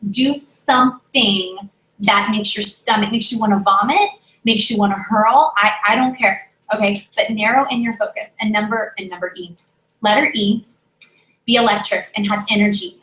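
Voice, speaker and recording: A woman leading a motivational sales team training, energetic and repetitive, often checking in with "okay?". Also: on the high side. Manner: energetic, pep-talk, repeats key phrases, many "okay?" checks. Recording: echoey room.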